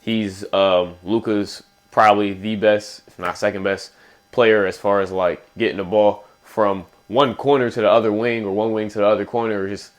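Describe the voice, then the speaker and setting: Low-voiced analytical podcast co-host man. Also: steady tone. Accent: Philadelphia. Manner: measured, analytical takes on players. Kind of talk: casual sports chat.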